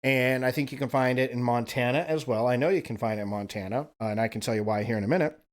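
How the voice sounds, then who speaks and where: A man's voice: medium pitch, fast talker. Rambling, profane male stream host. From Wyoming. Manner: rambling, profane, frequent "right?" tags. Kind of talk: casual storytelling rant.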